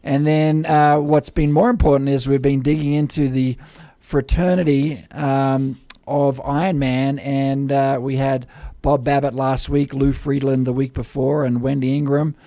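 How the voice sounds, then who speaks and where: Jokey Australian host, dry sound. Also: male voice, mid-range voice, flat delivery, a little slow, few pauses, mellow, no room sound. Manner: jokey, self-deprecating banter. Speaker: podcast host. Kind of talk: casual interview chat.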